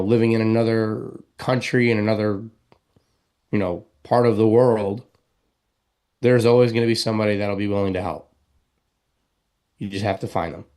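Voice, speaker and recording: Earnest low-voiced man giving advice. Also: darkish tone. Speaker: talk show co-host. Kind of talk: casual talk show chat.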